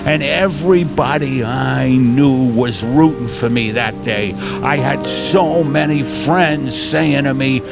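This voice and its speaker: An older man, a comedian hosting a podcast from a car, telling rambling absurd stories and jumping into shrill character voices. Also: slow pace, creaky, hardly any pauses, music in the background. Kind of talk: rambling absurd comic storytelling.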